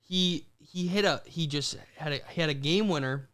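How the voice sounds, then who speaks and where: Young guy cohosting a podcast, animated storyteller, kinda high voice. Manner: animated storytelling, quick bursts and restarts. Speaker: podcast co-host. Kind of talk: casual chat.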